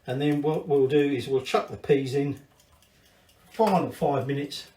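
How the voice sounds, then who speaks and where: Mellow and mid-range, this Scottish man speaks a little slowly as he hosts a casual cooking video from his home kitchen. He chats and rambles with sweary asides, and the echoey recording carries a little hiss or hum.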